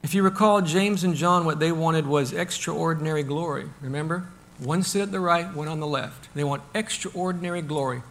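A man preaching a sermon in a conversational, animated way, asking rhetorical questions and loudly acting out the crowd. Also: fairly high pitch, moderate pace. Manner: animated, acts out the crowd and shouts with sudden bursts. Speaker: pastor.

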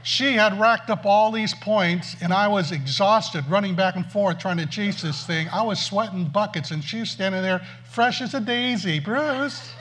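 Male preacher, self-mocking storyteller, slightly high, lively. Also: moderate pace, few pauses. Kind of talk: storytelling sermon.

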